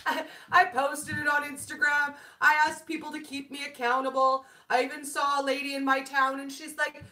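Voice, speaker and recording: A woman's voice: high-pitched, normal speed, pushed and bright. A woman in her forties hosting a casual live-stream chat about keto food, bubbly and laughing often, greeting viewers by name. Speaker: keto food channel host. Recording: echoey room.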